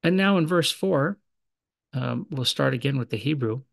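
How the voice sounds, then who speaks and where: A man with a gravelly, creaky voice teaches a study lesson in a measured way, reading verses aloud in ancient languages and explaining them. His voice sounds dry and close, with no room echo. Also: mid-range voice, animated.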